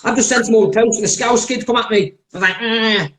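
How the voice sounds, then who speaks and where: A man's voice: high voice, steady tone, quick pace, a bit bright. A man hosting a live podcast, blunt, sweary and rambling. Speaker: podcast host. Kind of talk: heated live-stream chat. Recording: roomy echoey live stream.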